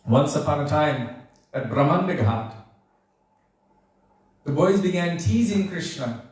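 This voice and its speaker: A man giving a devotional storytelling lecture, animated and acting out the characters as he goes. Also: on the high side, measured pace. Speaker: devotional speaker. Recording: very echoey room, voice far from mic.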